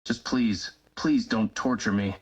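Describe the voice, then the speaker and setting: A man's voice: on the low side, measured pace, husky. A man voicing a reserved young lover in a first-person romance role-play, breathless and pleading. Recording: dull lo-fi sound.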